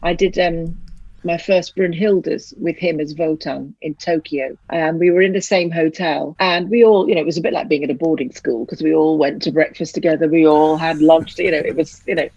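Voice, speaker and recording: A woman's voice: sits low, steady tone, normal speed, a little mellow, no echo, lo-fi sound. A middle-aged woman, an opera singer, telling stories in a chatty way and laughing often on a video call. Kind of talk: casual chat.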